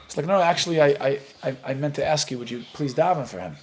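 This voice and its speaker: A middle-aged man with an American accent, a rabbi telling lively stories while teaching a Talmud class and acting out the dialogue. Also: on the high side, quick pace, a little hiss or hum. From United States. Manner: animated storyteller, acts out dialogue, laughs often.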